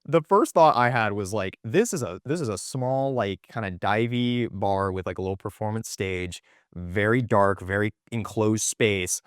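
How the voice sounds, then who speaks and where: A man's voice: fairly low pitch, normal speed, clear, resonant tone, no room sound, clean studio sound. A young adult man, a podcast guest, telling a story in casual chat, acting out the quoted lines with lots of fillers.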